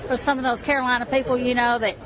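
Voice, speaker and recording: A woman's voice: on the high side, little pitch movement, very fast. A woman from Alabama explaining her restaurant's food in a matter-of-fact, proud way during a casual interview. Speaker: barbecue restaurant representative. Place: outdoor festival crowd. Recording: muffled radio recording amid crowd.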